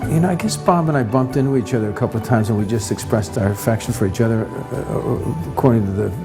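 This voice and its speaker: A man's voice: mid-range voice, quick pace, music in the background. A man interviewed about a former colleague, speaking hesitantly and affectionately, searching for words. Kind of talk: documentary interview.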